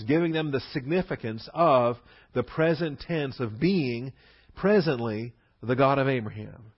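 A man's voice: medium pitch, dull audio. A man teaching through a Bible passage verse by verse, leaning hard on key words between fillers and restarts.

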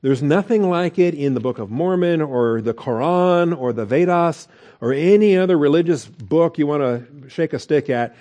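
A man's voice: fairly high pitch, lively intonation, moderate pace, dark tone. A middle-aged man preaching a conversational sermon, asking rhetorical questions and growing emphatic. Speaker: pastor.

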